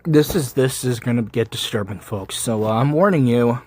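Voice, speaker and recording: A man's voice: mid-range voice, normal speed, slight background noise. Sarcastic man reading fanfic aloud. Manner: sarcastic, deadpan asides. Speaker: YouTuber reading fan fiction. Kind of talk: comedic reading with reaction commentary.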